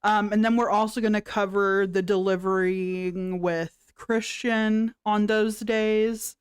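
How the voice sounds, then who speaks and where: Slow, smooth-voiced woman streamer. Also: medium pitch, fairly even intonation, no echo, clean studio sound. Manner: sarcastic, laughs often, swears freely. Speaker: livestream reaction host. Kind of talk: live reaction commentary.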